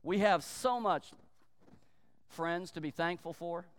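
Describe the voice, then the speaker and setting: A male pastor preaching a sermon in an emphatic manner, slowing down to stress points and briefly acting out quoted voices. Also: high-pitched, clear, resonant tone, in a large hall.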